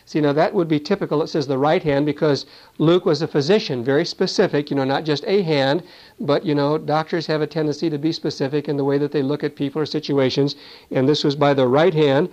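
A man's voice: on the high side, steady tone, a little fast, darkish tone. A man teaching a Bible sermon in a conversational way, often adding "you see" and "you know.". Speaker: preacher. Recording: dull lo-fi recording.

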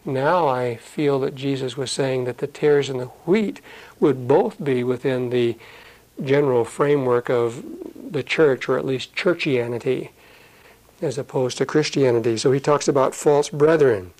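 A man's voice: medium pitch, darkish tone, poor audio. Man preaching a folksy Bible-study sermon. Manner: folksy, explains scripture in plain asides, reads verses slowly. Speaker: pastor. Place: church.

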